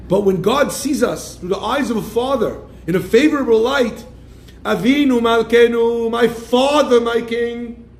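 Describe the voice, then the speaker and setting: A man's voice: extremely high pitch, slight background noise. A man giving a sermon as a rabbi, speaking animatedly and acting out the people he quotes, often calling his listeners "my friends.". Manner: keeps addressing listeners as "my friends". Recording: echoey room.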